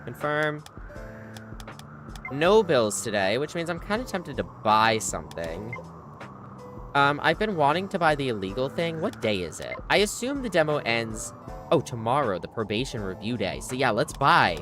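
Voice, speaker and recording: A chatty, playful game streamer talks casually through a live session and reacts out loud to whatever happens on screen. The voice sits at a middling pitch. Faint game music plays in the background. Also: sing-song, moderate pace. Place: home streaming setup.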